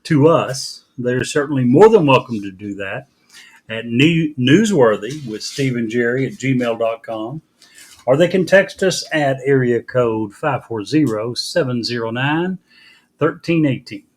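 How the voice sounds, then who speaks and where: A man from Kentucky co-hosting a casual news podcast, speaking low and making dry jokes. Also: lively intonation, a little slow. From Kentucky, USA. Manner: soft-spoken, dry joking. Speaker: podcast co-host. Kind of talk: casual chat.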